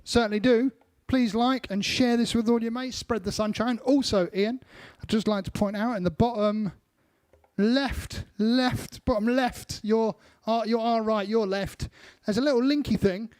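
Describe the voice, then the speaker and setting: A man's voice: very high voice, steady tone, a little slow, darkish tone. A man, a band member, casually explaining things to viewers on a live stream.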